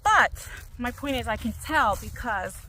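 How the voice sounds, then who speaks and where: Lively, bright-voiced woman vlogging outdoors. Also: fairly high pitch, unhurried, slight background noise, rough recording. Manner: chatty and rambling, animated when telling stories. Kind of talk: casual vlog chat while walking. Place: outdoors at a lake park.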